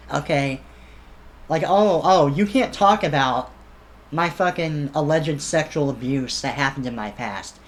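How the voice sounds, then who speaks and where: An online commentator ranting in a heated, sarcastic, profane reaction commentary. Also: mid-range voice.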